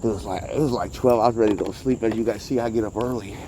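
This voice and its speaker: A man's voice: on the low side, very fast, dark tone, a little hiss or hum. A man chatting casually and rambling as he films street cats outdoors on a handheld phone, a bit out of breath. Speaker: vlogger caring for street cats. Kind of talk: casual vlog narration.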